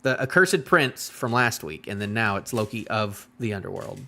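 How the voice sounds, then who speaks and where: Speaking at a normal speed in a fairly low voice, a man rambles through a casual live-stream reaction to a manga chapter. He's animated and keeps chatting with his viewers.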